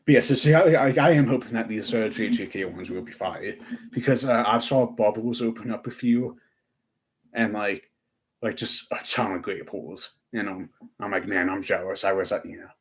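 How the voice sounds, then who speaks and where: A man's voice: fairly low pitch, normal speed. A young man chatting on a live stream, rambling with lots of fillers and restarts. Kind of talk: casual live-stream chat.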